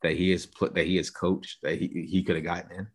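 A man's voice: low voice, level tone, a little fast, husky. A man co-hosting a podcast in casual chat, argumentative and given to spelling out long theories. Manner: argumentative, lays out theories at length. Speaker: podcast co-host.

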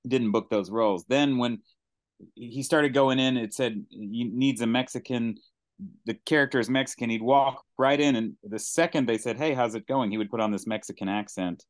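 A man's voice: mid-range voice, normal speed, dry recording. A male podcast host in casual, jokey conversation. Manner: jokey, laughs easily. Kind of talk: casual chat.

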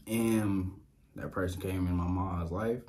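A young man from Louisiana hosting a podcast, sharing a casual personal testimony, animated and laughing often as he talks straight to his listeners. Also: low voice, a little slow. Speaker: podcast host. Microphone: dynamic mic on boom arm.

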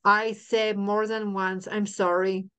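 Halting middle-aged woman. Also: mid-range voice, flat delivery, bright, forceful tone, clear, resonant tone. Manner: halting, repeats herself, many restarts. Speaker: podcast guest. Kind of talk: emotional personal storytelling.

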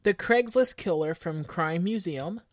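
Low-voiced woman, dry and wry. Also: lively intonation, unhurried, no room sound. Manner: dry, matter-of-fact, wry asides. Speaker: podcast co-host. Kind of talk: casual true-crime chat.

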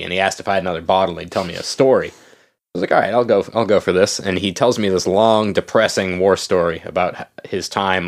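A man in casual chat about a video game, laughing often and swearing freely. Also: sits low.

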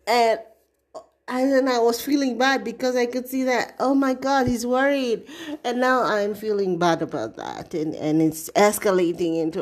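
A middle-aged woman hosting a podcast, telling a story in a casual, expressive way, with dramatic asides and free swearing. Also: a little high, normal speed. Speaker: podcast host.

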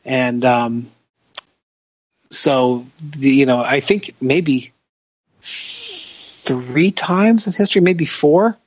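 A man's voice: mid-range voice, expressive, drawn-out words, breathy edge, no echo. A tired man hosting a casual podcast chat, hesitant and restarting his sentences often. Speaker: podcast host. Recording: slightly muffled dry audio.

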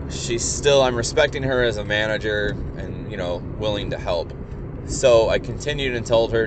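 A man's voice: fairly low pitch, background noise. A young man telling a rambling, profane story in a casual, wry way from inside a car. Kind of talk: casual anecdote.

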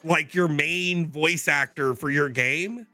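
Male podcast co-host, rambling explainer, gravelly and bright, dry mic. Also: fairly high pitch, takes it slowly, no room sound, faint music behind. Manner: rambling, filler-heavy explaining. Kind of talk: casual podcast chat.

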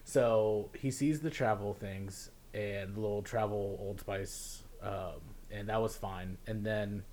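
A young man telling a story in casual chat, laughing often and mimicking officials in a lower, quieter voice. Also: fairly even intonation, slow.

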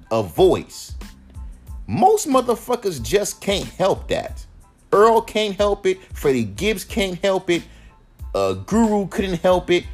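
A man's voice: mid-range voice, slightly rough. A man who raps hosts his own podcast, ranting in a heated, profane, emphatic way. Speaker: rapper and podcast host. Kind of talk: solo podcast rant.

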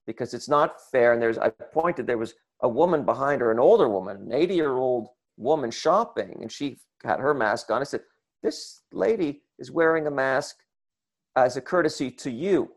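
A man telling a comic story to an audience, animated and acting out the people in it. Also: mid-range voice, moderate pace. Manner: animated, acts out voices and shouts in the retelling. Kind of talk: comic anecdote told to an audience.

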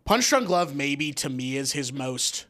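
A man co-hosting a casual podcast chat, excitable and teasing, swearing freely. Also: mid-range voice, unhurried. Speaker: podcast co-host.

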